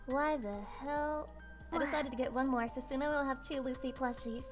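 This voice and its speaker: A woman livestreamer chatting casually with her viewers, excitable and swearing freely. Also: sits high, moderate pace, over music. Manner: excitable and swearing, with squeals and laughs.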